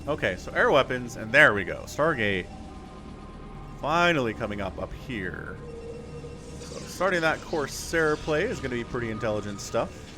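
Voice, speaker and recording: A man's voice: medium pitch, big pitch swings, moderate pace. Chatty male game caster over music. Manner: chatty, laughs often, talks to chat. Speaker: game caster, channel host. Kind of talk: casual live game commentary.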